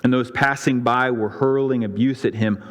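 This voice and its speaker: A man's voice: steady tone, normal speed. A man preaching a sermon, retelling the scripture story with dramatic flair and voicing the crowds. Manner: dramatic storytelling, voicing the crowds' and priests' lines with rising pitch. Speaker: pastor. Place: church sanctuary. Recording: long reverb of a church hall.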